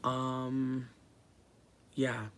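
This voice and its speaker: A livestreamer chatting casually from a room at home, rambling and swearing, swinging between quiet mutters and loud bursts. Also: medium pitch, completely flat delivery, drawn-out words, a little hiss or hum.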